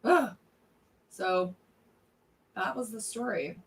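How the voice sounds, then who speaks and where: A woman with a fairly low voice chats loosely to her livestream audience, rambling and blunt, swearing freely. She sits some distance from the mic, and a faint background noise runs under her talk. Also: moderate pace, a bit bright. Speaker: livestream host. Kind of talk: casual livestream chat.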